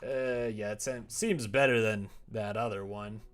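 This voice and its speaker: A man's voice: on the low side, fairly even intonation, measured pace. Wry, joking male game streamer. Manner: playful, wry asides while reading game text aloud. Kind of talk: casual live-stream commentary.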